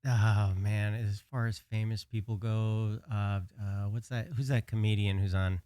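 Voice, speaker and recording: A man's voice: lowish voice, level tone, a little slow, warm tone, clean tone, no echo, clean studio sound. A man, a bartender guest on a podcast, telling self-deprecating stories with frequent laughs and hesitations. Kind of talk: casual chat.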